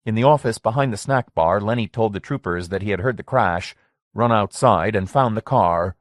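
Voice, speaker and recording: A man narrating a horror story audiobook in a measured, steady way. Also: fairly low pitch, no echo, clean studio sound. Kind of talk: scripted narration.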